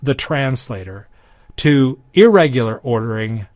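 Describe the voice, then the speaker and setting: A man's voice: mid-range voice, expressive, a little slow, darkish tone, no echo. A man teaching a recorded lesson on biblical Greek grammar, with dry humor and frequent ums and restarts. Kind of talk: recorded lecture.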